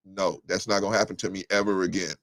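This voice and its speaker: A man's voice: sits low, little pitch movement, fast, fairly bright tone, no room sound. A man hosting a live talk show, reading viewer comments aloud and answering them bluntly, with many restarts and fillers. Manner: blunt and combative, rising sharply when heated. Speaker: livestream show host.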